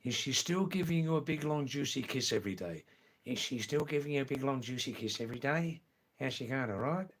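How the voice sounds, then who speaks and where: A man's voice: a little high, very animated, slightly rough, exaggerated voice. A man putting on a cheery, overfamiliar Australian bloke, bantering heartily. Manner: hearty, fast repeated banter.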